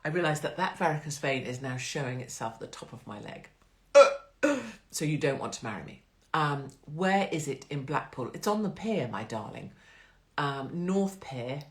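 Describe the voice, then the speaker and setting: A woman's voice: very deep voice, expressive, moderate pace. Blunt, chatty woman. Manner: blunt, profane, chatty and rambling. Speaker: host of a live stream. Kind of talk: casual live-stream chat.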